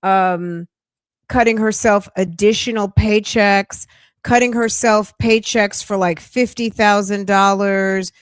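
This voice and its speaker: A woman's voice: mid-range voice, steady tone, slow, no room sound, studio quality. A woman hosting a casual true-crime news chat, chatty and emphatic with sassy asides. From New York. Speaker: true-crime commentary host.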